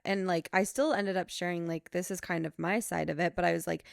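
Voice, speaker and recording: A woman's voice: fairly low pitch, flat delivery, fairly quick, creaky, few pauses, no echo, clean studio sound. A young woman co-hosting a podcast in casual chat, amused and asking her friends questions. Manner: amused, asks questions, laughs easily. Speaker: podcast co-host.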